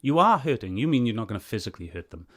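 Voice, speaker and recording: A man's voice: mid-range voice, very animated, very fast, fairly bright tone. A man reviewing a video clip, arguing back at it in an earnest, heated way. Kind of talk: reaction commentary on a clip.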